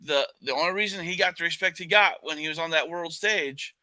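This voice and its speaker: A man co-hosting a podcast in casual chat, joking and animated, with frequent swearing. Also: a little high, brisk, no room sound. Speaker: podcast co-host.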